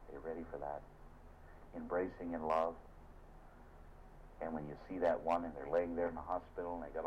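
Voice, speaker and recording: A man preaching a sermon as a minister, telling stories with fervor and sudden swings of loudness. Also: sits low. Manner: fervent, dramatic storytelling with shifts of loudness. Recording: dull lo-fi recording with faint hiss.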